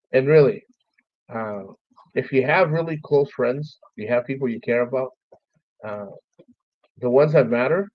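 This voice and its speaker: A man's voice: mid-range voice, dry recording. A man hosting his own stream, talking casually about a lost friend, swearing freely and thanking listeners by name. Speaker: podcast host. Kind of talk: casual memorial monologue. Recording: dull, dry, lo-fi stream audio.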